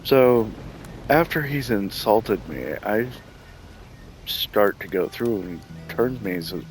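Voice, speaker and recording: A man's voice: lowish voice, expressive, slow pace, soft background music, poor audio. A man telling a story in casual, profane chat, laughing often and acting out what people said. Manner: profane, laughs often, acts out quoted dialogue. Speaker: gaming channel host.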